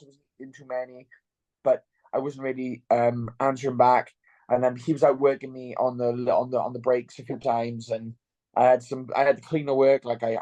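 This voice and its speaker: A man's voice: medium pitch, dark tone, no room sound. A young man, a fighter in an interview, talking bluntly and swearing freely. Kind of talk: casual interview chat.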